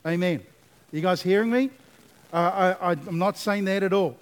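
Male pastor, fairly high voice, sermon with rising repeated refrains. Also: moderate pace. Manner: preaching with call-and-response asides, building to emphatic repetition.

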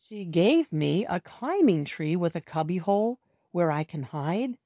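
A woman's voice: on the low side, dry recording. A woman reading a children's storybook aloud, narrating as a cat in the first person and talking directly to young listeners. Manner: slow, expressive storytelling that talks to young listeners. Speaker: storybook reader.

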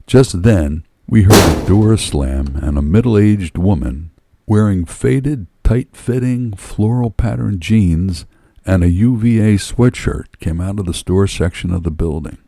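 A man's voice: deep voice, unhurried, warm tone, no echo. A man reading a story aloud in a wry, first-person storytelling manner. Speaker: narrator.

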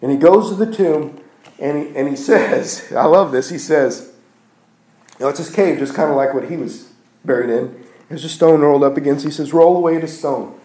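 A man preaching a sermon in a church. He builds phrases with repetitions and restarts, and swings from loud emphatic peaks down to near-hushed passages. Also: fairly high pitch, normal speed. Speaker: pastor. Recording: echoey room.

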